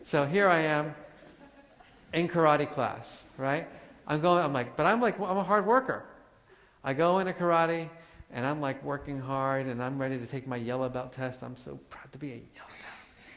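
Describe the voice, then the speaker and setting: A man giving a live talk to an audience, animated and joking as he acts out examples. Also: on the high side, normal speed. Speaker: workshop speaker. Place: large hall with audience. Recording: hall reverb.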